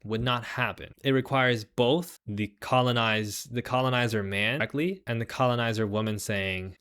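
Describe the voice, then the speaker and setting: A man hosting a livestream, talking in a rambling, animated way with a lot of "right?" and sarcastic mock voices as he reads the chat. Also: mid-range voice, normal speed, hardly any pauses, smooth. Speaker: host. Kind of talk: livestream commentary.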